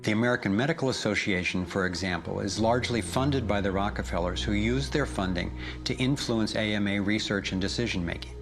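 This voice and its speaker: Deep-ish guy doing doc narration, earnest, music bed behind him. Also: a little fast, few pauses. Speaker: documentary narrator. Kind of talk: scripted documentary narration. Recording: voice-over with loud music underneath.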